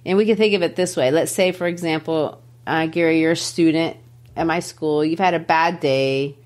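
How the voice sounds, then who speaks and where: A woman literature teacher hosting a podcast, explaining a poem in a lively, teacherly way with emphatic asides. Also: deep voice, moderate pace.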